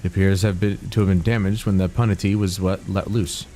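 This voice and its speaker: A man's voice: low voice, level tone, fairly quick, dark tone, slight background noise, lightly acted. A man voicing a formal, earnest young male scholar from a video game, reading the dialogue aloud with occasional stumbles.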